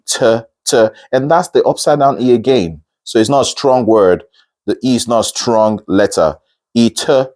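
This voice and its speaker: Lowish-voiced man teaching singing pronunciation. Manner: demonstrates words slowly, checks in with "okay?"; lively, rises high when encouraging viewers. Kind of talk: vocal lesson on pronunciation.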